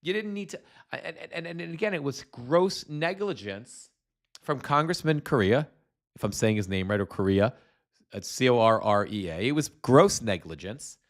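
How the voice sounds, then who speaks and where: Profane, stammering angry male commentator. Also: mid-range voice. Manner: profane, stammering, incensed ranting. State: congested with postnasal drip. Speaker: political commentator streaming a hearing.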